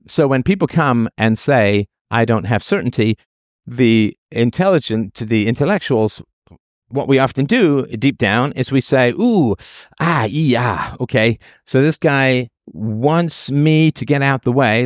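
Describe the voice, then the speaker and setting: A man works through a philosophical argument, emphatic and argumentative, and circles back to repeat his points. His voice sits at a middle pitch. The recording is dry and close, with no room sound. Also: no room sound. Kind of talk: philosophical monologue.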